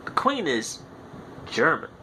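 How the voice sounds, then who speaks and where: Ranting young man, lively voice. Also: on the high side, slow pace, slight background noise. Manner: profane, ranting, repeats himself insistently. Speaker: podcast host. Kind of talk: heated monologue.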